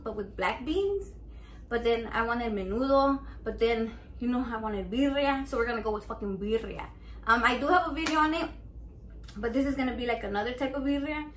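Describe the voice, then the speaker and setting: Young woman, home vlogger, rambling and profane, slightly high voice, echoey room with faint noise. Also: fairly bright tone. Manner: profane, rambling, code-switching with Spanish. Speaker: cooking vlogger. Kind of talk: casual vlog chat. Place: home kitchen.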